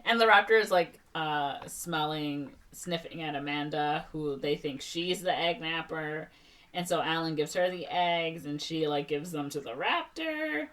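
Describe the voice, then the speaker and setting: A woman co-host recaps a film in a relaxed, chatty way, jumping into brief character voices along the way. Her voice sits a little low for a woman. The mic picks her up from a short distance. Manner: animated retelling with quick voiced impressions. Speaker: podcast co-host. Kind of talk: casual movie recap.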